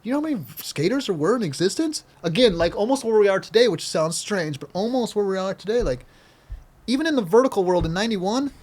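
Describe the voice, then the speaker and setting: Excitable man telling a story, fairly high voice. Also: fast talker. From Minnesota, USA. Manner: excitable, repeats himself, acts out scenes. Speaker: podcast guest, skateboarder. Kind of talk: animated storytelling in casual conversation.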